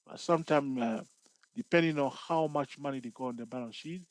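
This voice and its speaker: A man's voice: mid-range voice, fairly quick, dry recording, poor audio. A man with a mid-range voice teaching an investing lesson, recorded close and dry with no room sound. He explains step by step in loose, restarting phrases, and keeps checking in with his viewers with "okay?" and "all right?". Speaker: trading instructor. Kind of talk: explaining over a chart.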